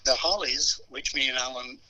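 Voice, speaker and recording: An older man, telling stories as a musician guest in an interview, animated and acting out the people in them. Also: medium pitch, normal speed, poor audio. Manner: animated storyteller who acts out voices and hums melodies. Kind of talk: anecdotal storytelling interview.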